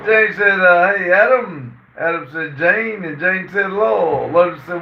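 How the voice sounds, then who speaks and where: A man's voice: sits high, animated, gravelly, a little hiss or hum. A man hosting a casual livestream, reading viewer comments aloud and answering them with many "uh" fillers. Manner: reads chat messages aloud and answers them; halting, frequent "uh" fillers. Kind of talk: casual chat. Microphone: phone. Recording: roomy, distant and dull phone audio.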